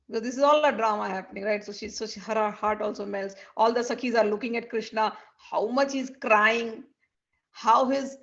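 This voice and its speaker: A woman narrating a devotional story in a chatty, animated way. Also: a little high, dull audio.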